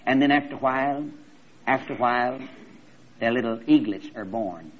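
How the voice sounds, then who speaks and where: A man preaching a storytelling sermon in a folksy, animated way, often repeating his phrases, on a slightly muffled recording. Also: medium pitch, normal speed.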